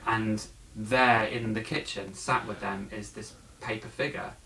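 Low-voiced man musing on a film. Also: steady tone, measured pace, a crowd in the background, low-quality recording. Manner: thoughtful, hesitant, many fillers. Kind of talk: casual film discussion.

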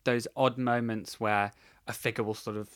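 A man talking casually and thoughtfully about a film, with frequent pauses and fillers. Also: medium pitch, level tone, a bit bright, poor audio. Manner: thoughtful, hesitant, many fillers.

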